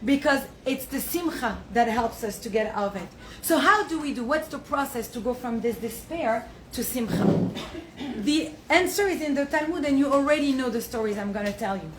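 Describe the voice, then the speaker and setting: A woman's voice: high-pitched, animated, moderate pace, noisy background. A young woman from the south of France, teaching a Torah class to a live audience. She tells stories with animation, laughs often and mixes in Hebrew and Yiddish terms. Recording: roomy echo, faint ambience.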